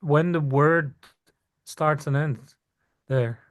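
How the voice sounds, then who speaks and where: A man's voice: a little high, very slow. A man in a language class repeating syllables and asking careful questions about how words are divided. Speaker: student.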